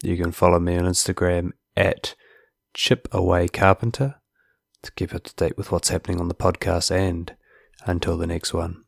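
Deep gravelly podcast host. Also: male voice, completely flat delivery, moderate pace, no echo, clean studio sound. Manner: earnest, repeats words when starting sentences. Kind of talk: casual interview chat and outro.

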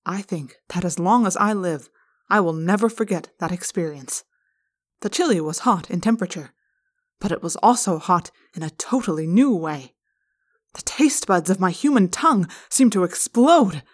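A woman's voice: mid-range voice, natural voice. Woman voicing a curious alien boy in human form; careful, literal delivery, fan audiobook. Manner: careful, literal, formal cadence.

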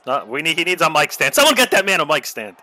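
A man's voice: a little high, big pitch swings, quick pace, bright, forceful tone, no room sound. A man co-hosting a casual watch-along podcast, trading wisecracks and laughing at his own jokes. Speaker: podcast co-host.

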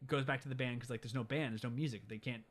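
A young man, a podcast co-host, casually retelling a movie scene by scene with lively quoted voices. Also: medium pitch, fast. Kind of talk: casual movie recap chat.

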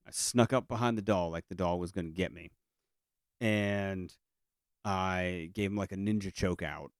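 A man's voice: low voice, no room sound, clean studio sound. A middle-aged man telling a childhood story in a casual, comic way, rambling with lots of fillers and restarts. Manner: acts out family voices in quotes.

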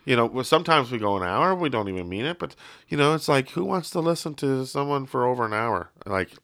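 A man hosting a podcast, talking in a loose, rambling way full of "like" and "um." His voice is bright and forward, and it is heard dry and close. He keeps it casual and jokey. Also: medium pitch, animated, fast talker, dry recording. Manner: rambling, filler-heavy, jokey. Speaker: podcast host. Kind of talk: casual chat.

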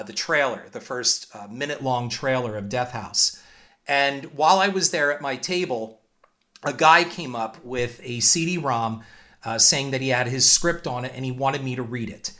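A man's voice: medium pitch, moderate pace, pushed and bright. A man hosting a show and telling stories from his career, firm and indignant, laying out his points one by one. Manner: emphatic, lays out points in numbered order. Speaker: filmmaker and show host. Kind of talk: storytelling monologue.

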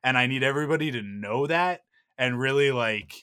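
A man's voice: medium pitch, fairly quick, bright, forceful tone, smooth. A man in his thirties co-hosting a casual podcast chat, gushing and rambling with playful exaggeration. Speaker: podcast co-host.

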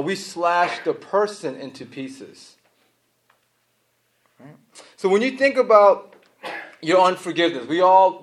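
A man preaching a sermon to a congregation, with a conversational style full of "right?" asides and quick laughs. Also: high-pitched. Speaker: pastor.

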